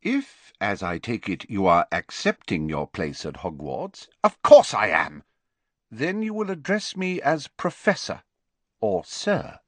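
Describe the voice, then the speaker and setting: A man playing a patient old wizard headmaster, calm and measured, with formal phrasing. His unhurried, lilting delivery sits in a dry, close storybook reading. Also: lowish voice, dry recording, heavily acted. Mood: firm.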